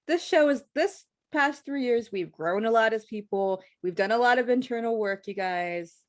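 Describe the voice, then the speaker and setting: A woman's voice: on the high side, animated, normal speed. A woman co-hosting a podcast in casual chat, talking expressively, teasing and often trailing off and restarting. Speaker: podcast co-host.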